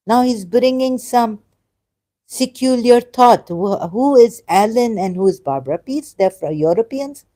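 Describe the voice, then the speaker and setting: Fairly high in pitch yet dark in tone, this woman's voice carries exasperation. She reads a video aloud and argues against it as a religion critic giving casual commentary. She's argumentative and stumbles over her words.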